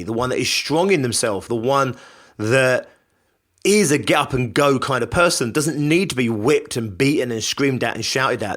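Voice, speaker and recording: A man's voice: medium pitch, a bit bright. A man hosting a podcast, delivering a conversational, reflective self-help monologue and repeating phrases for emphasis. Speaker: podcast host.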